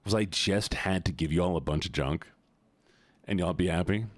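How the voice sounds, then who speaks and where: A man's voice: low-pitched, moderate pace. A man streaming a game, chatting playfully and talking to his viewers as if they were pets. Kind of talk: casual chat while gaming.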